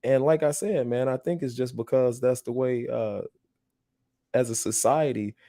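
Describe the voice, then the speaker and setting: Laughing, storytelling man with a mellow voice. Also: mid-range voice, normal speed, no room sound, clean studio sound. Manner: animated, laughs often, acts out quoted voices. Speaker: podcast host. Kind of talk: casual storytelling.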